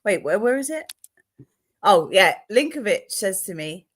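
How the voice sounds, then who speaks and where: Woman host, slow unhurried delivery with a lively swinging pitch, gossipy and sweary. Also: husky. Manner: gossipy storytelling, swears freely. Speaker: podcast host. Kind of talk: casual chat.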